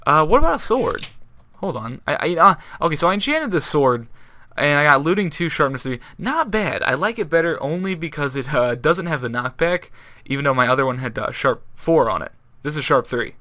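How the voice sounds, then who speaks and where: A man's voice: fairly high pitch, very animated, fairly quick, sharp tone, no echo. A young man giving casual commentary while playing a video game, rambling and correcting himself in an upbeat way. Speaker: Minecraft YouTuber.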